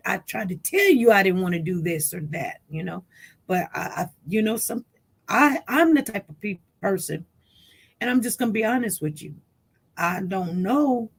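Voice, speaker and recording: Woman livestream host, gravelly edge, rambling casual chat with viewers. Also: sits low. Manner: rambling, chatty, reads viewer comments aloud.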